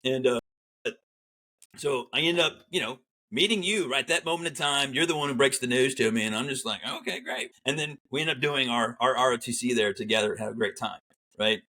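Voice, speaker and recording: At medium pitch and a brisk pace, a middle-aged Army veteran guest recounts his military story in a casual exchange. He's animated, performing the quoted dialogue of the people involved.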